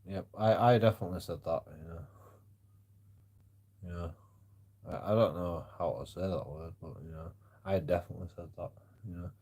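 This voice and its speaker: A man streaming live who rambles and stammers, swearing freely and swinging between loud outbursts and low mutters. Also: moderate pace, pauses often, husky.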